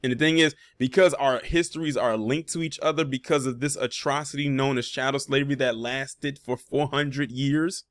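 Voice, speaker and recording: A man's voice: medium pitch, steady tone, normal speed, few pauses, a bit bright, dry recording, clean studio sound. A man hosting a reaction commentary video, talking casually and pointedly, with sarcastic asides and frequent fillers.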